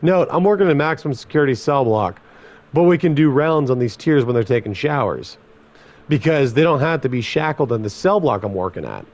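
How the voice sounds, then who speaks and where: A former corrections officer telling blunt, heavily profane stories in casual podcast chat. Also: male voice, mid-range voice, lively intonation, a little fast, darkish tone.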